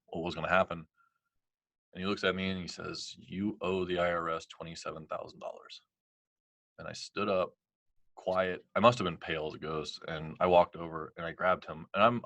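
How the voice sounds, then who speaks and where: Middle-aged male podcast guest, low voice, bright forceful tone, dry close sound, chatty storyteller. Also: dry recording, highs cut off. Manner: animated, heavy on "like" and quoted dialogue. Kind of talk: casual storytelling interview.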